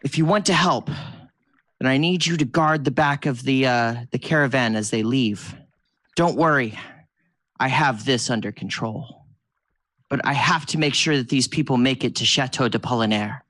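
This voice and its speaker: Brief: kindly, measured frost goddess, put on by a man. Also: medium pitch, fairly bright tone, no echo, clean studio sound, lightly acted. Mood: reassuring. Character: calm female ice goddess, composed and kindly.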